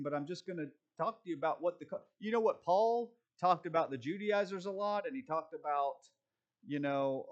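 A man preaching a conversational sermon, reading scripture slowly and rising to emphatic peaks. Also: a little high, highs cut off.

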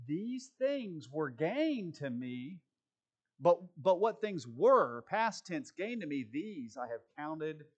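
A man preaching a conversational sermon, reading scripture slowly and rising to emphatic peaks. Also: a little high.

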